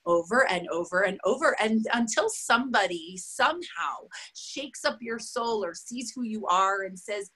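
A woman's voice: on the high side, expressive, normal speed, few pauses, sharp tone, breathy edge. A woman in her thirties or forties, a guest talking casually and loosely, with lots of fillers and restarts. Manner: rambling, many "like" fillers, restarts mid-thought. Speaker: interview guest, spiritual reader. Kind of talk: casual conversational explaining.

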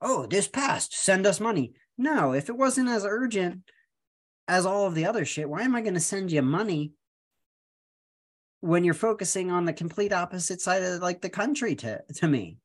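A man's voice: high voice, expressive, moderate pace. A man co-hosting a podcast in casual chat, making dry quips and rambling through explanations. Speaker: podcast co-host.

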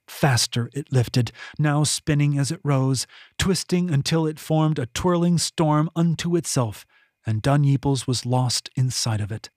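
A man reads his own fantasy novel aloud in a measured, steady audiobook style. He leans into the dramatic moments. His voice sits a little high for a man, and the recording is dry and close with no room sound. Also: no room sound. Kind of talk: scripted audiobook narration.

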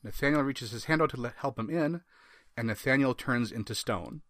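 A man's voice: mid-range voice, fairly quick, a bit bright, no echo, studio quality. A man from Wisconsin hosting a casual comic book review podcast, wry and given to rambling asides and laughs. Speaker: podcast host.

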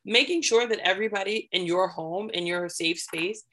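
A woman guest on a podcast explaining parenting and self-care ideas in a measured, deliberate way, building each point step by step. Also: medium pitch, sharp tone. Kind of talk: explanatory conversational advice.

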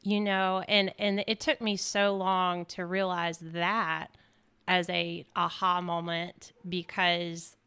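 A woman host with a smooth, lowish voice speaks in casual conversation about faith. She reflects on what her guest said and responds in an affirming way. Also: little pitch movement, slow, pushed and bright.

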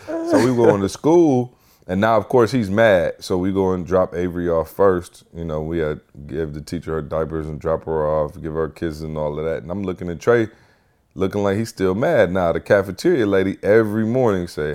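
A man hosting a casual podcast, telling a family story with lively energy and acting out what people said. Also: sits low, normal speed. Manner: animated storyteller, acts out quotes. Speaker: podcast host.

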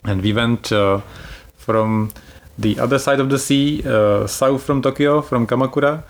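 A man's voice: medium pitch, measured pace. A man hosting a casual travel podcast, explaining things in a chatty way and laughing easily. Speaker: podcast host.

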